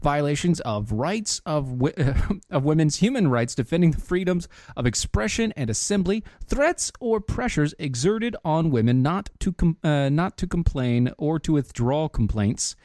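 A man co-hosting a casual commentary show, sarcastic and quick to interject, at times reading lists aloud. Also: on the high side, expressive, darkish tone, no room sound. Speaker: podcast co-host.

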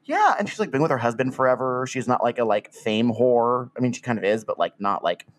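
A man's voice: medium pitch, big pitch swings, fairly quick. A man co-hosting a podcast in crude, rambling casual comedy chat. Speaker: podcast co-host.

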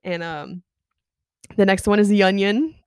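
A woman's voice: medium pitch, measured pace, clear, resonant tone, no echo, studio quality. A young woman co-hosting a casual chat, telling work stories with lots of laughter and swearing. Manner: animated storytelling, laughs often, swears. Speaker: podcast co-host.

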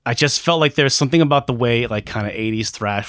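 Male podcast co-host, mid-pitched, profane and rambling, dry close mic. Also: quick pace, fairly bright tone, dry recording. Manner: rambling, profane, self-deprecating, with many restarts. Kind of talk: casual chat.

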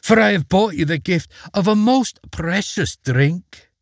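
A man's voice: on the high side, sing-song, measured pace, breathy edge, no room sound, studio quality, pitched above the performer's own voice, full character voice. A man putting on a vain, cruel queen. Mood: falsely sweet. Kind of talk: storybook reading.

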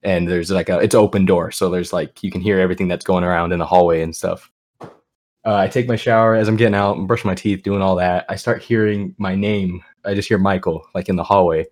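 A young man with a fairly low voice co-hosts a podcast. He tells a story slowly and laid-back, rambling with amused asides. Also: steady tone, a little mellow. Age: young adult. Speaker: podcast co-host. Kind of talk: casual storytelling.

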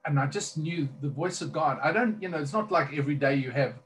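Earnest guy telling his faith story, bit higher voice, lots of ums and restarts. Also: fast, slight background noise. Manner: earnest, rambling with fillers and restarts. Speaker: minister. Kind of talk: personal testimony in conversation.

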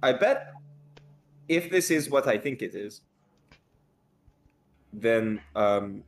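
A man's voice: medium pitch, lively intonation, takes it slowly, slight background noise. Man thinking aloud as a player. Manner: thinks aloud, hesitant fillers. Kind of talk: casual tabletop play.

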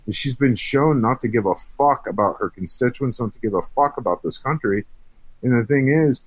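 A man's voice: mid-range voice, normal speed, dry recording. A man in an angry political rant, heated and profane, frustrated and on edge, stumbling over restarts.

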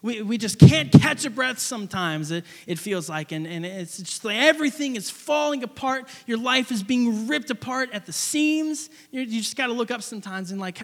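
A young man preaching a sermon, telling a personal story in an animated, rambling way with many restarts. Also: extremely high pitch, moderate pace, hardly any pauses, in a large hall.

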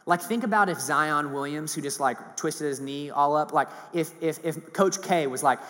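A man preaching a sermon in a casual, animated way with many fillers. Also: on the high side, brisk. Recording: long hall reverb.

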